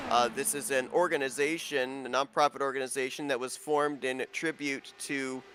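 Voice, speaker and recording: A man's voice: mid-range voice, pushed and bright, slight background noise. A man doing play-by-play commentary on a live racing broadcast, talking in a conversational way with frequent fillers.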